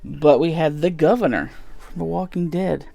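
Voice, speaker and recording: A man's voice: fairly high pitch, moderate pace, creaky, dark tone, no room sound. A man casually chatting through his convention haul in a rambling way, with lots of fillers. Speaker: vlogger showing convention haul. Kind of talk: casual chat.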